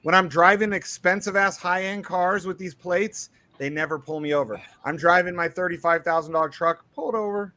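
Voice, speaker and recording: A man's voice: high voice, a little fast, few pauses. A man in casual chat, telling a story with lots of swearing and acting out what people said. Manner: profane, animated, acts out quotes.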